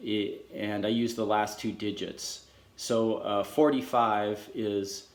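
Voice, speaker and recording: Middle-aged man, slow and unhurried, explaining his gear with many restarts, roomy echo. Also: on the low side. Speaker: trumpet mouthpiece maker. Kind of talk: casual demonstration lesson. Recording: echoey room.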